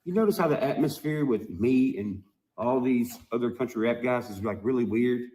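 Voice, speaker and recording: A man ranting to his video audience in a heated, profane monologue full of emphatic, drawn-out phrases. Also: mid-range voice, mellow. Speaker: musician vlogger.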